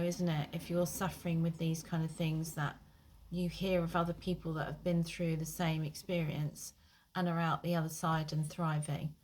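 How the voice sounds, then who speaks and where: A woman's voice: low voice, a little mellow. A woman, an IBS therapist, talking straight to her listener with frank encouragement and the odd light swear. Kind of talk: casual direct-to-camera advice.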